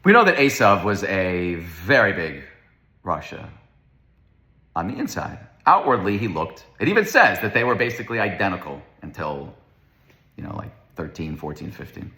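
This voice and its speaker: A man's voice: sits low, sing-song, normal speed, pushed and bright. A man teaching a Torah lecture, speaking emphatically, asking rhetorical questions and repeating words for stress. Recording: roomy echo.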